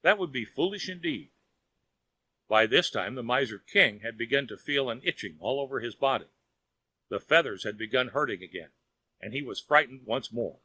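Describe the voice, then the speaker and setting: A man narrating a children's audiobook in a measured storytelling manner. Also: mid-range voice, bright, forceful tone, no echo.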